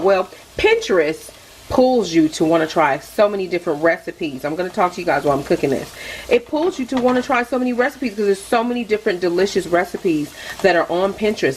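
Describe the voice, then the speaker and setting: A woman's voice: on the low side, slight background noise, poor audio. A middle-aged woman hosting a casual cooking vlog, chatting straight to her viewers from her home kitchen stove. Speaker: cooking channel host. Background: faint sizzling and frying.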